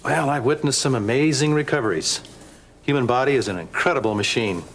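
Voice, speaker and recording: An actor playing an easygoing physical therapist in a TV drama, speaking calmly. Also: male voice, medium pitch, fairly quick, a little hiss or hum, natural voice, rough recording. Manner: calm and easygoing. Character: easygoing, self-aware male physical therapist. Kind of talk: daytime TV drama acting.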